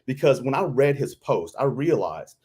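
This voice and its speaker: A veteran from Kentucky, chatting on a live stream and acting out what people said. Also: male voice, mid-range voice, moderate pace, breathy edge. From Kentucky, US South. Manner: animated storyteller, acts out quotes. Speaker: guest, veteran. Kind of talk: casual live-stream chat.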